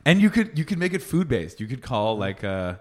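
A man's voice: medium pitch, a little fast. Laughing, chatty man hosting. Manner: laughs a lot, animated storytelling. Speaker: podcast host. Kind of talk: casual chat.

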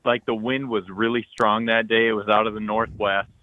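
A man co-hosting a podcast, telling an excited hunting story full of acted-out quotes and loud bursts. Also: fairly low pitch, normal speed, dry recording, narrow, tinny audio. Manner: animated, loud bursts, frequent "like", acts out texts and quotes.

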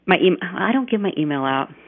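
A woman's voice: fairly low pitch, expressive, fairly quick. Woman, podcast co-host, chatty storyteller, tinny phone-line sound. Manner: chatty storyteller, laughs easily. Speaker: podcast co-host, recruiting reporter. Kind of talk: casual sports chat.

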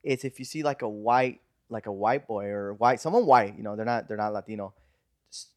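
A man co-hosting a podcast, chatting casually and quickly, tossing out questions to the others. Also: lowish voice, dry recording, clean studio sound. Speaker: podcast co-host. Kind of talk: casual chat.

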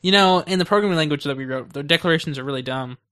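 A man's voice: on the high side, very fast, pushed and bright. A young man hosting a casual podcast chat, rambling and hesitant with plenty of ums. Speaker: podcast host.

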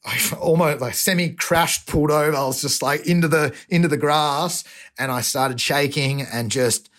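A man's voice: on the high side, moderate pace, a bit bright. A man, a guest from Australia, telling a heartfelt story earnestly, with many restarts and a voice that gets emotional.

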